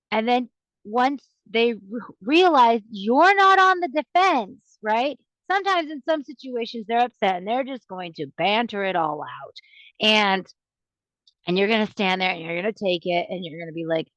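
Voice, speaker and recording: A woman's voice: on the high side, normal speed, fairly bright tone, dry recording. A woman hosting a podcast, giving casual advice in an earnest, rambling way that often stops and restarts mid-sentence. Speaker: podcast host. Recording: dry, dull lo-fi recording.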